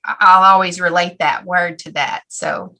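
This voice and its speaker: A woman with a low, bright voice asks her teacher a question on a video call. She talks reflectively, pausing and restarting as she thinks. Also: fairly even intonation, rough recording. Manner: reflective, hesitant. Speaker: student. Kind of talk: asking a question in class.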